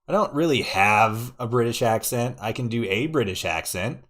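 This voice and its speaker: A man's voice: mid-range voice, animated, normal speed, fairly bright tone. A young man from Oregon streaming a game, chatting casually, swearing and laughing often. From Oregon, USA. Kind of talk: casual live-stream chat while playing.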